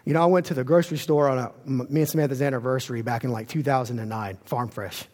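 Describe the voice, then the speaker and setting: A man's voice: mid-range voice, fairly even intonation, fast talker, darkish tone, in a large hall. A man preaching a sermon as pastor in a church, earnest and storytelling.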